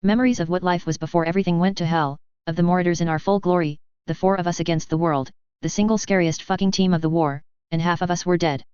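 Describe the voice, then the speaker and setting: Woman narrator, steady storybook read, smooth low voice, muffled lo-fi sound. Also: quick pace, hardly any pauses, no echo. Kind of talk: fan fiction audiobook reading. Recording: dull dry lo-fi audio.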